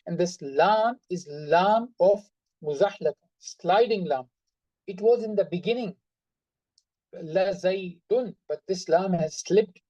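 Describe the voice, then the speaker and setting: A grammar teacher explains a lesson patiently, going over each example again and again. The voice is mellow and dark, with emphasis carried by tone. The recording is close and dry, with no room sound. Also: mid-range voice, no echo, rough recording. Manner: patient, repeats examples and stresses words by tone. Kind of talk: online class explanation.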